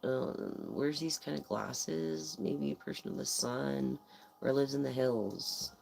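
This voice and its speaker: A rambling tarot reader talking slowly in a gravelly tone, drifting from card to card with plenty of fillers and the odd curse word. The reading feels loose and offhand, with a faint noise floor underneath. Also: medium pitch, very animated, darkish tone, rough recording. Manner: rambling, meandering with frequent fillers and casual swearing. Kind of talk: casual live tarot reading.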